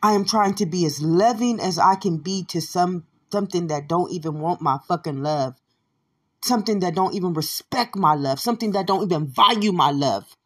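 Low husky woman ranting and cursing. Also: normal speed. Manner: swears constantly, repeats phrases, swings from shouting to low mutters. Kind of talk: angry profane monologue.

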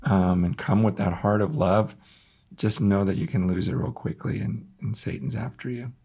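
A middle-aged man speaking as a guest pastor in an interview, earnest and halting with emphatic bursts. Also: on the low side, steady tone, creaky, dark tone, husky. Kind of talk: reflective interview talk.

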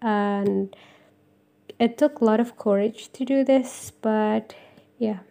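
A woman's voice: on the high side, slow pace, creaky, dark tone. A young woman from Indonesia with an Indonesian accent, rambling through a self-deprecating solo podcast intro with lots of ums. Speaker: podcast host. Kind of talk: casual solo podcast monologue.

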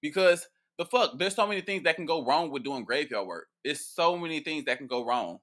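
Bright-voiced man in profane casual chat. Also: fairly high pitch, fairly quick. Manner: profane, playful and animated, with frequent laughs and restarts. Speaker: priest answering viewer questions.

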